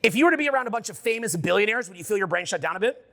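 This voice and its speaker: A man holds forth before a live audience, his high voice edged with gravel and a bright, forceful push. He fires question after question at the room and swears freely as he drives his points home. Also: rapid-fire. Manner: animated, questioning the crowd, profane. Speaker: seminar speaker. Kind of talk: live seminar talk to an audience. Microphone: unamplified handheld mic.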